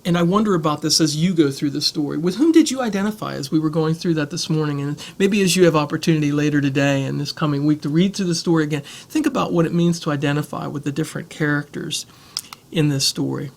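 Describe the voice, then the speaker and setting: A male pastor delivers an earnest, reflective sermon, reading passages aloud and then talking them through. His voice sits a little higher than most men's. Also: quick pace, creaky.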